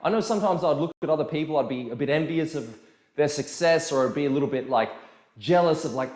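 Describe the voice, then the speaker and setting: A man's voice: a little high, fast, reverberant. A man who coaches dance, talking casually to viewers and telling stories with quoted dialogue. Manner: chatty, animated storytelling with quoted dialogue. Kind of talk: casual video lesson.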